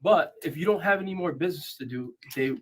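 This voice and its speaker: A male state trooper firmly telling a man to listen and calm down, recorded on someone else's phone. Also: on the high side, fast talker, crowd noise. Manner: firm, repeated calls to listen. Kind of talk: police de-escalation talk. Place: indoors at a post office.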